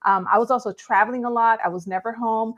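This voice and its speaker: A woman's voice: a little high, fairly even intonation, fast talker, a bit bright, lo-fi sound. A woman from Los Angeles, a real estate agent and content creator, talking in a friendly, upbeat way as a guest on a live online show. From Los Angeles, California. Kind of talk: conversational interview.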